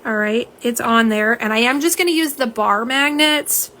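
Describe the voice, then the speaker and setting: A woman's voice: on the high side, normal speed, bright, forceful tone, slight background noise. A woman hosting a live nail polish stream, talking casually and chattily to her viewers and answering their comments. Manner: chatty, talks straight to viewers as "y'all" and reads out chat comments.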